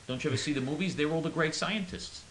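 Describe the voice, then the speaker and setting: A man's voice: a little high, fast, fairly bright tone, echoey room, slight background noise, low-quality recording. A man ranting in character in a comic monologue, rambling and stammering with mock-earnest indignation. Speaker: comedic caller in character.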